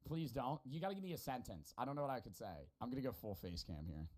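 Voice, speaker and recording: A man's voice: mid-range voice, animated, fast, a little mellow. A man with a general American accent giving casual, profanity-laced reaction commentary. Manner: rambling, profane, laughing asides. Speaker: streamer reacting to videos.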